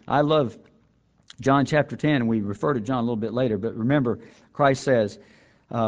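A man teaching a Bible lesson in a sermon style, earnest and emphatic, repeating key phrases and slowing down for quoted verses. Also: mid-range voice, a little mellow. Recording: slightly dull lo-fi recording.

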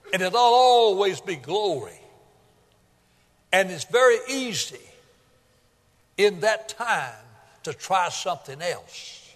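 An older preacher gives a folksy sermon, retelling Bible stories as he swings between loud, emphatic peaks and quiet asides. His voice is high and carries a long reverb from a large hall.

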